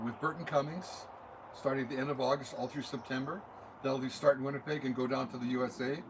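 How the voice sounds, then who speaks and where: Older male musician, mid-range voice, chatty rambling interview answers, studio room with audible background noise. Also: mid-range voice. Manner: rambling, anecdotal, talks with his hands through examples. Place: recording studio.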